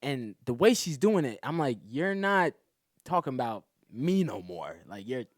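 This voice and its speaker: In studio-quality audio with no echo, a man appearing as a comedian guest on a podcast speaks at moderate pace in a mid-range voice. He's animated as he tells his story casually, voicing what others said and laughing a lot.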